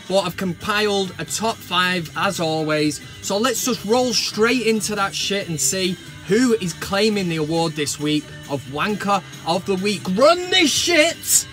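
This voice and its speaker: A man hosting a comedic football vlog, ranting in a mocking, sweary, excitable way. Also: high-pitched. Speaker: vlog host. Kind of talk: casual comedic football rant.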